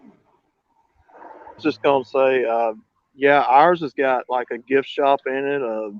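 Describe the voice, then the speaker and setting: A man's voice: mid-range voice, fairly even intonation, slow. Easygoing man chatting on a podcast. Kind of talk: casual chat. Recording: dull lo-fi dry recording.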